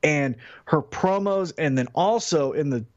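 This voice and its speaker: A man co-hosting a casual wrestling podcast, speaking in a measured, deliberate way. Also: a little high, expressive. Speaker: podcast co-host. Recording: dull lo-fi audio.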